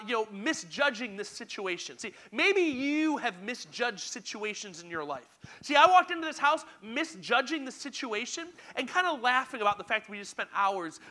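A young man preaching to young listeners, telling stories in an animated, self-deprecating way and speaking straight to them. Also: extremely high pitch. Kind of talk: storytelling sermon.

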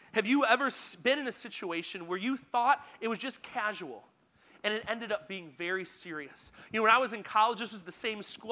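A young man preaching to young listeners, telling stories in an animated, self-deprecating way and speaking straight to them. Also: sits high. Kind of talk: storytelling sermon.

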